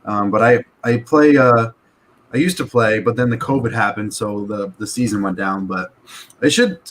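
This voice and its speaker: A man's voice: lowish voice, moderate pace, a bit bright. A young man chatting casually as a guest on a live stream, laid-back and laughing, with lots of "dude" and "like". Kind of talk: casual chat.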